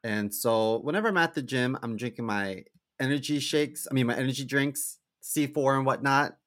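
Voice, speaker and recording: A young man tells rambling, self-mocking stories in casual podcast chat and laughs along at them. His voice has a bright, forward edge at a middle pitch. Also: moderate pace. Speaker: podcast co-host.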